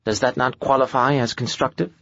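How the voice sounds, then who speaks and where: A man's voice: medium pitch, fairly even intonation, a little fast, gravelly, a bit bright, no echo, highs cut off. A man voicing a pedantic, precise male scholar in an audiobook, who speaks with dry gloom.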